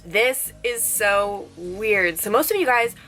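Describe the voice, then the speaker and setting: A woman's voice: mid-range voice, animated, takes it slowly, fairly bright tone, faint music behind. A young woman in her twenties from Long Island, talking to a handheld camera in a chatty, bubbly vlog style from her childhood bedroom, often laughing at herself. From Long Island, New York. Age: 20s. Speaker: vlogger and TV news reporter. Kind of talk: casual vlog talk to camera.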